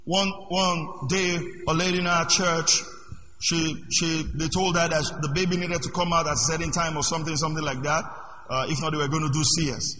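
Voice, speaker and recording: A man preaching a sermon as pastor, moving between quiet asides and loud shouted passages. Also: on the high side, level tone, fairly quick, slight background noise. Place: church hall. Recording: echoey hall with long reverb.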